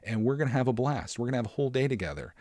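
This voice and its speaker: A man's voice: mid-range voice, lively intonation, rapid-fire, darkish tone, dry recording. A man hosting his own podcast alone, talking casually in a rambling way with lots of fillers and self-deprecating asides. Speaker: podcast host. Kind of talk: casual solo podcast chat.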